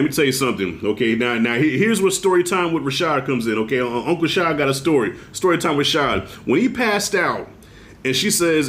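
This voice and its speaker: A middle-aged man giving a casual video review of a TV show, telling stories in a loose, profane, animated way. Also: a little high. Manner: animated, profane storytelling with acted-out quotes.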